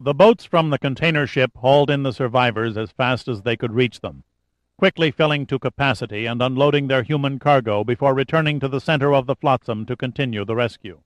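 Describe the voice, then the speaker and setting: A man's voice: mid-range voice, fairly quick, no room sound. Man narrating a dramatic audiobook. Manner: steady dramatic reading. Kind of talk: scripted narration.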